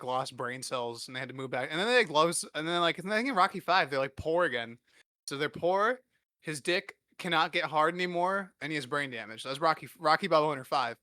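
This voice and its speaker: A young man with a bright, forceful voice tells a rambling, filler-packed comic story. His pitch sits fairly high and the sound is dry and close. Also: no echo. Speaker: podcast host. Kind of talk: casual crude comedy riffing.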